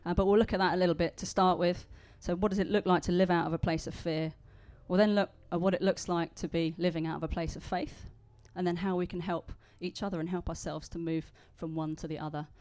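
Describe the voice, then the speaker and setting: A woman with a London accent preaches in a conversational, storytelling way, sprinkled with small fillers. Her voice sits a little low for a woman. She moves easily between talking to the congregation and reading a passage aloud. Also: fairly even intonation, fast, hardly any pauses. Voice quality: conversational, warm storytelling delivery with filler words. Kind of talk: sermon with read-aloud story.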